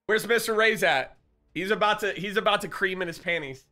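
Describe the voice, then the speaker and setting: A man's voice: high voice, brisk, sharp tone. A man streaming live, chatting casually and joking with his viewers, often breaking into laughter.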